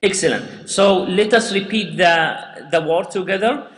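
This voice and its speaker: A man's voice: high voice, a little slow, fairly bright tone. A man teaching Quran recitation, patiently repeating sounds and words for students to say after him. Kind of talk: slow step-by-step tajweed lesson with recitation. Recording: echoey room with long reverb.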